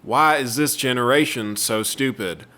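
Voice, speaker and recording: A man putting on a southern accent to voice scornful redneck commenters, loud, drawn-out and mocking. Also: medium pitch. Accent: Southern US, put on.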